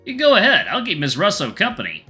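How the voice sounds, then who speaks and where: A man's voice: high-pitched, huge pitch swings, quick pace, sharp tone, faint music behind, pitched above the performer's own voice, full character voice. A man voicing an easygoing, polite young man in a visual novel read-aloud. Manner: easygoing, friendly.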